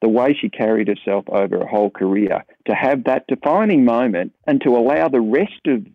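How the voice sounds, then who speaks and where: A man's voice: mid-range voice, lively intonation, brisk, no room sound. A man with an Australian accent reflecting at length in an interview, talking in a rambling way, with a tinny phone-like dry sound.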